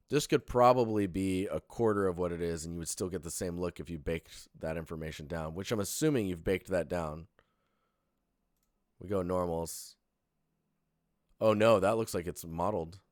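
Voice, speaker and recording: Young male streamer, very low voice, dry close sound, sleepy rambling critique. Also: normal speed, long pauses, no room sound. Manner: relaxed, rambling, many fillers and restarts. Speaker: streamer reviewing portfolios. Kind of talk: casual live-stream critique.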